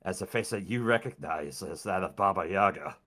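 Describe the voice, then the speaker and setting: A man narrating a tabletop game as dungeon master, describing scenes in an expressive way. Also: low voice, brisk.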